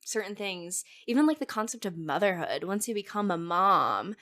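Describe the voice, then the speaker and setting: A young woman hosting a podcast in casual conversation, enthusiastic and affirming, her voice going a little hoarse. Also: medium pitch, expressive, moderate pace, fairly bright tone. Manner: enthusiastic, affirming, frequent agreement. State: losing her voice. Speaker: podcast host.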